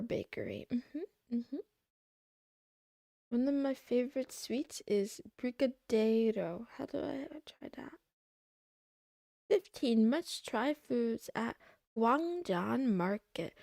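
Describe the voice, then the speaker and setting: Casual young woman streamer with vocal fry. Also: fairly high pitch, darkish tone, dry recording, clean studio sound. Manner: rambling, curious, thinks aloud, trails off. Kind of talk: casual livestream chat.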